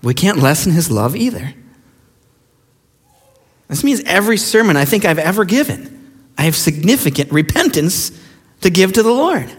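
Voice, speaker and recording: A man's voice: high-pitched, sing-song, moderate pace, pauses often, breathy edge. A middle-aged man preaching a sermon as pastor, emphatic and mocking as he acts out quoted voices. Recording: long hall reverb.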